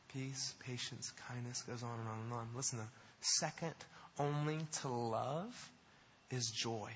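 A male pastor preaching a sermon, emphatic, building to animated repetitions. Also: medium pitch, slight background noise. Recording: dull sound in a long-reverb hall.

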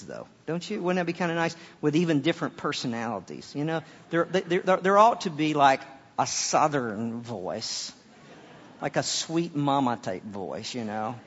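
A pastor preaching a sermon, swinging from loud emphatic peaks to quiet offhand asides and often repeating words. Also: male voice, mid-range voice, very animated, normal speed, breathy edge. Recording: dull sound with long hall reverb.

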